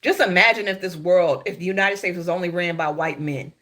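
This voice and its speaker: A woman's voice: on the low side, fairly quick, fairly bright tone. A woman from Houston with a Southern accent, hosting a casual, profane gossip monologue, full of laughing asides and "y'all" to the viewers. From Houston, Texas. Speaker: gossip show host.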